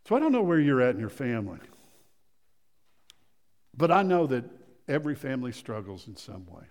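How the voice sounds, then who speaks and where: A man preaching a sermon, swinging from loud emphasis to hushed storytelling, often repeating phrases and restarting sentences. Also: mid-range voice. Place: church sanctuary. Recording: long reverb of a church hall.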